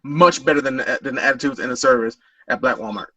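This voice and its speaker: A man with a bright, forceful voice chats casually on a group podcast, stumbling and repeating words as he tells his story. He sits away from the mic in a dry, dead-sounding room. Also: mid-range voice, fast, no room sound. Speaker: podcast panelist. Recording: voice distant from mic.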